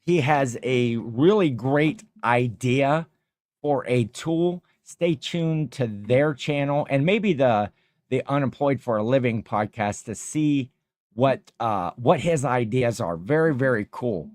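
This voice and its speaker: A man hosting a casual livestream, reading viewer comments aloud and rambling with many pauses. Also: mid-range voice, expressive, a little mellow, no room sound, clean studio sound. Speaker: livestream host.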